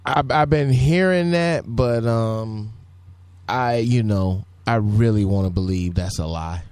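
Wahający się mężczyzna, suchy dźwięk. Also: male voice, fairly low pitch, slow pace, darkish tone, clean tone, no room sound. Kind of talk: casual chat.

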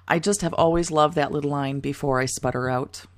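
A woman co-hosting a casual chat, talkative and quick to laugh, swearing now and then. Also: deep voice, steady tone, no echo.

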